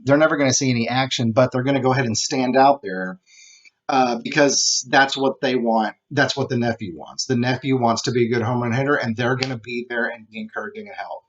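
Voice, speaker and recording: A man teaching a relaxed recorded lesson, talking conversationally, tossing in "okay" and acting out examples. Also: medium pitch, a little fast. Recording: dull lo-fi home recording.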